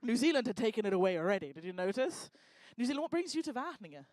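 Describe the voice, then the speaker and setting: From a lecture hall stage, a woman hosting an event does casual crowd work, joking with and teasing the audience like a stand-up. Her voice is on the high side and a little mellow, very animated and rapid-fire, recorded dry.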